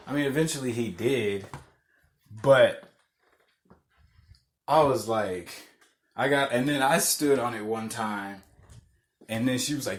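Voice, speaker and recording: A man's voice: medium pitch, animated, normal speed. A young man hosting a podcast, telling loose stories in casual chat, swearing often and laughing at his own jokes. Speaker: podcast host.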